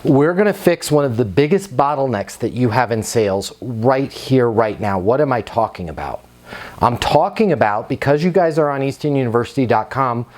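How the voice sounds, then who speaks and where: A man giving an energetic sales training talk, emphatic and punchy, acting out sample phone calls. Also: mid-range voice.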